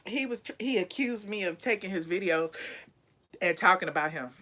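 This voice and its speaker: A woman hosting a casual live chat with callers, sassy and quick to laugh. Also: lowish voice, lively intonation, fairly bright tone. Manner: sassy, laughs often, drawn-out "child". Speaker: channel host.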